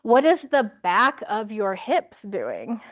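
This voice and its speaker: A woman's voice: mid-range voice, slow pace, dry recording, muffled recording. Woman guiding a yoga class. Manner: encouraging, light laughs, calm cues. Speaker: yoga teacher. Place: yoga studio with music.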